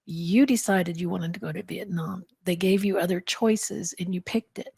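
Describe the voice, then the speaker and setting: A woman's voice: lowish voice, normal speed, vocal fry, a little mellow, breathy edge, dry recording, clean studio sound. A woman interviewing a guest and asking thoughtful, probing questions. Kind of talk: conversational interview.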